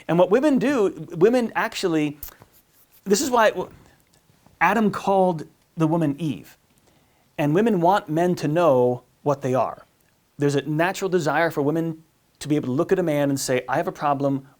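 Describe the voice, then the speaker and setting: A priest giving a casual teaching talk on marriage, often stumbling over and repeating words and acting out little exchanges. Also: male voice, fairly high pitch. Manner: conversational, repeats words, acts out quotes.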